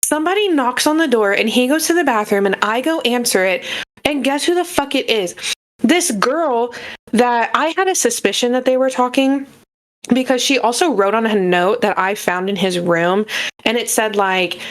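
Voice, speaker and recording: A young woman co-hosting a podcast, telling personal stories in a casual, animated and frank way, swearing freely. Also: fairly high pitch, normal speed. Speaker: podcast co-host. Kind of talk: casual storytelling chat.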